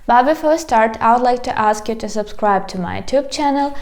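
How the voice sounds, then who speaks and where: A woman from Ukraine, teaching a video language lesson and repeating words slowly syllable by syllable, her pronunciation a little impeded by braces. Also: on the high side, darkish tone.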